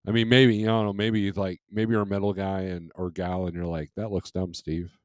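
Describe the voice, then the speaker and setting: A man's voice: low-pitched, little pitch movement, brisk, smooth, no echo, clean studio sound. A man hosting a casual livestream from home, rambling in an easygoing way and chuckling often, speaking into a microphone. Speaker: livestream host. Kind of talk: casual live chat. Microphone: desk microphone.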